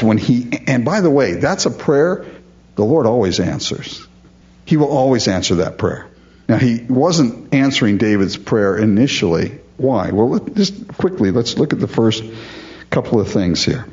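A man's voice: mid-range voice, big pitch swings, measured pace, darkish tone, muffled recording. A man preaching a sermon, earnest and emphatic, often calling his listeners folks. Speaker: pastor.

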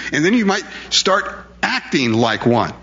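A man's voice: on the high side, sharp tone, lo-fi sound. A male preacher delivering a sermon in an emphatic, conversational way, full of rhetorical questions.

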